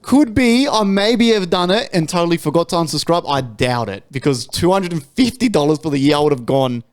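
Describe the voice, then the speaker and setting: A young adult man with an Australian accent, co-hosting a casual podcast chat and telling stories with lots of swearing and sudden jumps in pitch. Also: fairly quick. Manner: animated storytelling, swears freely, big pitch jumps when ranting. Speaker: podcast co-host.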